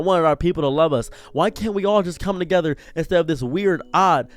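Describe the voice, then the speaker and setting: Impassioned young man ranting, near tears. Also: a little high. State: holding back tears. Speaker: streamer. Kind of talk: emotional commentary rant.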